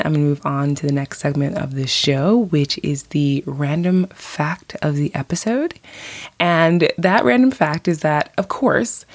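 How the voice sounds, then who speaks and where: A chatty woman hosts a podcast, rambling easily with "like" and "you know" between thoughts. Her voice sits low for a woman. The recording is close and dry, with no room sound. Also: dry recording. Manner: chatty, frequent "like" and "you know", laughs lightly. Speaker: podcast host. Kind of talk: casual podcast monologue. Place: lives in Iceland.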